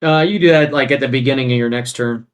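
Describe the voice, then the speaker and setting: A man running a tabletop game as game master, narrating haltingly with many fillers and restarts. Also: mid-range voice, slight background noise.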